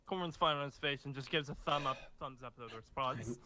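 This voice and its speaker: Bright, giggly male player. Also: mid-range voice. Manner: giggly, quick. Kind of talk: tabletop play, casual.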